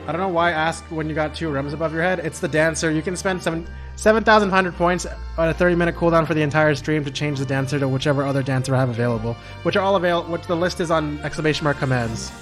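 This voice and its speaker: A man's voice: on the high side, fairly even intonation, fast. A man streaming a game, chatting loosely and self-mockingly, swearing often. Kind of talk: casual game let's-play commentary. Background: background music.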